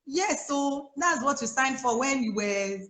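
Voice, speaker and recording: A woman with a Nigerian English accent, a life coach giving chatty, animated advice to new mothers on a video call, laughing often. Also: sits high, unhurried, echoey room. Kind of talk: casual advice on a live chat. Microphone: phone or laptop on a video call.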